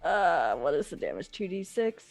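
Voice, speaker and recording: A woman's voice: on the low side, big pitch swings, moderate pace, gravelly, soft background music. A woman playing in a tabletop role-playing game, chatting casually and giggling often. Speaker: player.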